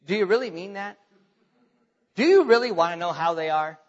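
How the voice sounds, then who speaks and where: A man's voice: high voice, lively intonation, normal speed, in a large hall, dull audio. A man, a pastor, preaching a sermon to his congregation in a conversational way, growing emphatic as he retells scripture.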